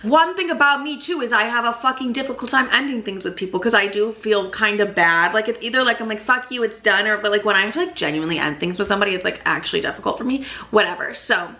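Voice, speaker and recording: A woman's voice: medium pitch, fast, few pauses, pushed and bright. A young adult woman vlogging, telling a personal story in a chatty, emphatic way, swearing often and filling her talk with "like". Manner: emphatic and chatty, heavy swearing and constant "like" fillers. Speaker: YouTube vlogger. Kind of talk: casual storytelling to camera.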